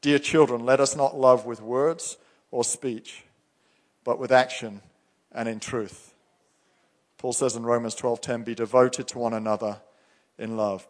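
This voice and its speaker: A man's voice: mid-range voice, steady tone, measured pace, pauses often. Preaching man in a reverberant hall. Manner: earnest, emphatic preaching, reads scripture aloud. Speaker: pastor. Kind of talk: sermon.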